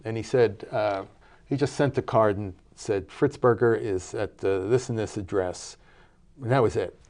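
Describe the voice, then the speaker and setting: An older man telling a family story in a relaxed interview, with many fillers and restarts. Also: fairly low pitch, moderate pace. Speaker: interview guest, cinematography professor.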